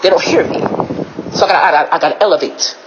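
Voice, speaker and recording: A woman preaching on her own at home, shouting a repeated phrase, then dropping her voice and laughing between lines. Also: racing, highs cut off, noisy background. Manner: shouts a repeated catchphrase, then drops low, laughing often. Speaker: lay preacher. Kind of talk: informal spoken devotional. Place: home, indoors.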